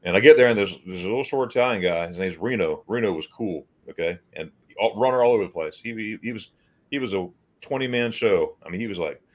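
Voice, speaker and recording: A man from the United States chats casually as a livestream host. His voice sits low, and he tells his stories loosely, stumbling over repeated words and playing out the lines of the people in them. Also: fast talker. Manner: storytelling, repeats words, acts out quotes.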